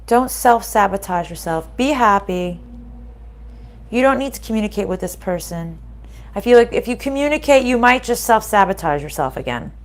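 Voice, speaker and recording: A woman talks viewers through a spiritual card reading in a relaxed, chatty way. She sounds reassuring and keeps checking in with little "right?" and "okay?" questions as she goes. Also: medium pitch, normal speed.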